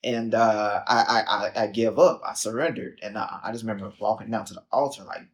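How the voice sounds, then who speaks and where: This young man from Chicago, a guest on a podcast, has a fairly low pitch and speaks a little fast. His storytelling is casual and lively, with acted-out quotes and frequent "like" and "um."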